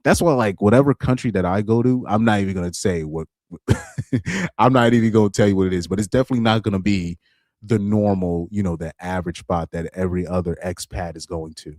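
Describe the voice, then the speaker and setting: A man's voice: quick pace, a little mellow, dry recording, clean studio sound. A man in casual livestream commentary, laid-back, laughing often and trailing off mid-thought. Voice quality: deep voice he calls super villain-like. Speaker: reaction streamer.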